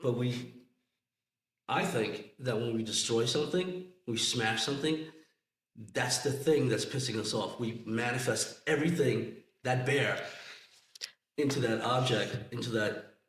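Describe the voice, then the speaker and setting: A man's voice: medium pitch, a little slow, a bit bright, roomy sound, poor audio. A man co-hosting a podcast, explaining ideas and checking in with "right?" and "you know". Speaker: podcast co-host. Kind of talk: casual chat.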